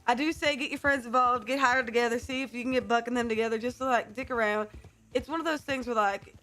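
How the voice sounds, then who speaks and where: Woman streamer, casual and rambling, slightly high voice, sustained character accent. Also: steady tone, fast, a bit bright, faint music behind. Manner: holding a put-on character accent, chatty with fillers. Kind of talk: casual chat to stream viewers.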